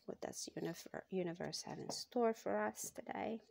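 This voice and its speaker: A woman hosting her own channel, giving a casual tarot card reading in a slow, thoughtful way with frequent pauses and fillers. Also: medium pitch, vocal fry, a little mellow, a little hiss or hum.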